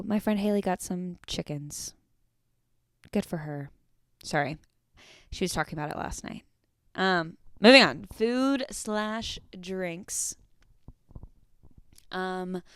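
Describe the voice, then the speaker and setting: A woman's voice: on the low side, clear, resonant tone, dry recording, clean studio sound. A young woman hosting a solo podcast, chatting casually with lots of fillers and swearing freely. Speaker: podcast host.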